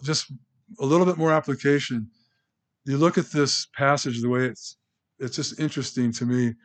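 A man preaching a sermon in a church. He talks in a loose conversational way, breaking off and restarting his sentences, at a middle pitch. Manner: conversational, halting, with restarts and asides. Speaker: pastor.

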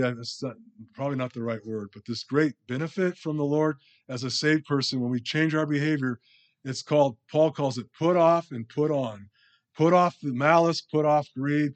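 Male preacher, mid-pitch, chatty verse-by-verse teaching, self-deprecating, many restarts. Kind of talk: sermon teaching.

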